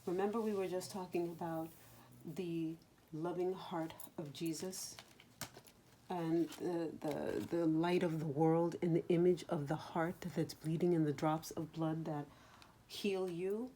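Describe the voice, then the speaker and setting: A woman giving a spiritual card reading in a slow, soothing voice that sometimes drops to a whisper, choked up with emotion. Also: on the low side, fairly even intonation, dark tone, slight background noise. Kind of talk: soft spoken tarot-style reading.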